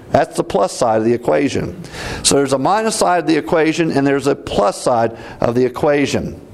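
A man teaching through Bible verses in a deliberate, emphatic way, repeating references as he goes. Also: medium pitch, a little mellow.

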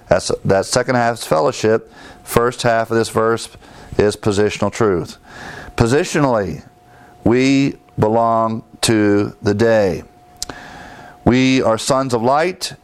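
A man's voice: mid-range voice, clear, resonant tone. A man teaching a sermon, emphatic, repeating key phrases and citing scripture verses. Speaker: preacher.

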